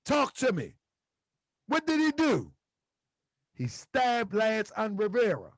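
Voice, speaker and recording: A man's voice: high voice, wildly swooping pitch, takes it slowly, no room sound, studio quality. A man hosting a livestream, lecturing his chat in a preachy way with repeated rhetorical questions. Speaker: host.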